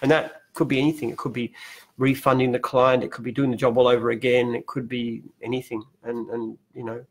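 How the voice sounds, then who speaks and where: An older Australian man talks casually in a live-stream Q&A, explaining his business in a mid-pitched, everyday voice. He is animated, stumbles and repeats words as he restarts, and laughs lightly between points. He is speaking from an open-plan office. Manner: animated, halting restarts, chuckles often. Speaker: company founder answering viewer questions.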